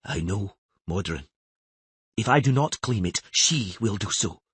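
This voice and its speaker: A man's voice: fairly low pitch, lively intonation, measured pace, a bit bright, slightly rough, no echo, heavily acted. A man voicing a burly island earl in an audiobook, stammering and deferential before his queen.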